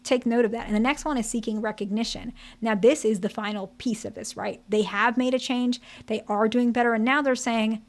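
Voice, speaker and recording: A woman's voice: on the high side, fairly even intonation, fairly quick, hardly any pauses. A woman therapist explaining relationship patterns to camera in a candid, conversational way, often checking in with "okay?" and "right?". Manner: candid, direct.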